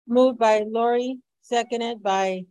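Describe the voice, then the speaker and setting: A woman's voice: a little high, steady tone, takes it slowly, dark tone, dry recording, poor audio. Hesitant woman chairing a board meeting. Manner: hesitant, casual, full of fillers.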